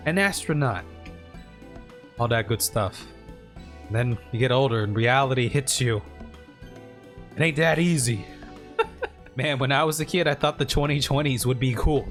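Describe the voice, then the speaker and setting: A man talking casually and joking through a gaming reaction, chatty and quick to laugh. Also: medium pitch, fairly bright tone. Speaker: streamer reacting to a game.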